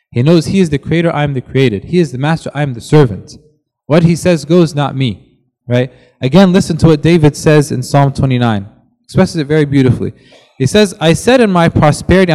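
Man preaching, earnest and slightly high-voiced, long church reverb. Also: dark tone. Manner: earnest, reads scripture aloud with rising emphasis. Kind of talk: sermon.

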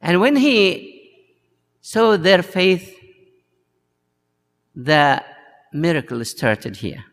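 Slow, gravelly preaching priest. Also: male voice, high voice, very animated, a bit bright. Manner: slow and halting, many uh fillers, acts out the story's voices. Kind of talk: sermon. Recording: long hall reverb.

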